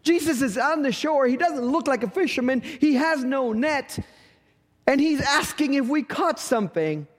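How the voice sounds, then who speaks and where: A middle-aged man preaches in a strikingly high voice, telling a story with humorous asides. He slips into quick voices for the people in his story. His words ring out with a long reverb, as in a church sanctuary. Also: expressive. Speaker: pastor. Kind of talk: sermon.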